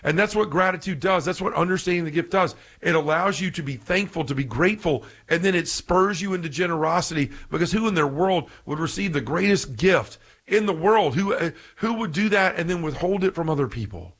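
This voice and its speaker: A man giving an earnest, impassioned scripture talk who gets so excited that he stumbles over his words. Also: on the high side, fairly quick, few pauses. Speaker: Catholic podcast speaker.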